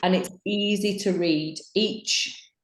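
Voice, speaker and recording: A woman's voice: medium pitch, fairly even intonation, takes it slowly. Cheeky Irish woman in an echoey room. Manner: frank and cheeky, swears freely. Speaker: guest author. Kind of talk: casual podcast chat.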